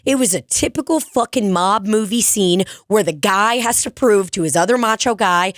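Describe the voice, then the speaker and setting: Woman co-host, 30s, profane comic storyteller, even middle pitch, very dry close sound. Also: normal speed, no room sound. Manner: profane, storytelling, laughs often. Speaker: podcast co-host. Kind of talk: casual comedic chat.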